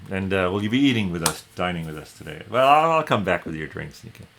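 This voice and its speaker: A man's voice: low-pitched, expressive, quick pace, fairly bright tone, slight background noise. A man voicing a chatty dwarf innkeeper who is talking up his wines and menu. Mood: eager. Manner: chatty, salesman patter. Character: cheerful dwarf innkeeper selling ice wines.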